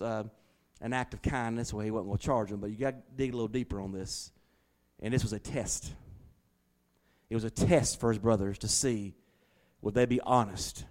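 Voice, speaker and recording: A man preaching a sermon to his congregation, swinging from loud emphatic lines to quiet, hushed asides. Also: medium pitch. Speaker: pastor.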